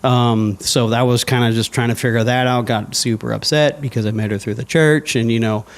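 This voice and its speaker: A man's voice: medium pitch, brisk, creaky. Guy in his twenties telling his story on a podcast, chatty, does little voices for himself. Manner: animated storyteller, acts out his own past thoughts in quoted asides. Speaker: guest sharing his testimony. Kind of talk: casual conversational interview.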